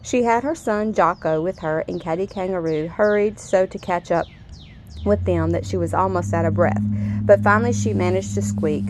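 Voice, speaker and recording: A woman reading a children's story aloud in a gentle, expressive storytelling manner. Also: lowish voice, normal speed, background noise.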